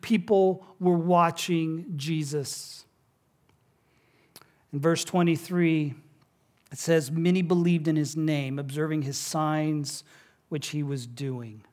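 A man in middle age delivers a sermon as a pastor, his voice sitting a little high for a man. He moves between easy, chatty storytelling and quiet, lowered emphasis on key words. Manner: storytelling, conversational, drops soft and low on key words.

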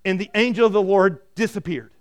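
A man preaching a sermon, retelling a scripture story in a lively way and often repeating words as he starts a sentence. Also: sits high, fairly quick, smooth. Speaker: pastor.

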